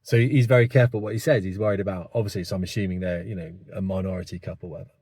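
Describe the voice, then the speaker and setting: A man's voice: sits low, fairly even intonation, rapid-fire, darkish tone, slightly rough, no echo. Blunt man in his fifties. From England. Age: 50s. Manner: rambling, blunt, opinionated, many asides. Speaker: vlogger. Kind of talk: casual opinion monologue to camera.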